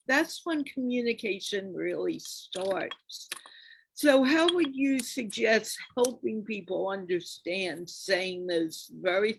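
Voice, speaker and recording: A woman moderating a conference panel, posing her questions carefully and deliberately. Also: a little high, vocal fry, slightly rough, dry recording, poor audio.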